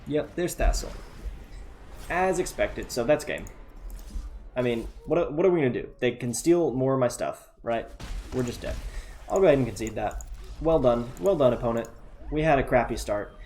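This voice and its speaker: A man giving relaxed, chatty play-by-play of a card game, thinking aloud and muttering asides to himself. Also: medium pitch, normal speed, long pauses, slight background noise. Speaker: gameplay commentator.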